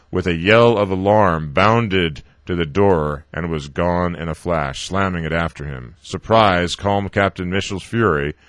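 Deep-voiced man reading a novel aloud. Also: fairly bright tone, no echo. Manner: halting, with frequent stumbles and self-corrections. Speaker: reader.

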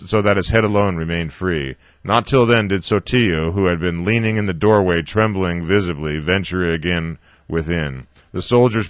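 A man reading a novel aloud, haltingly, often stumbling over words and correcting himself. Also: deep voice, no room sound. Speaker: reader.

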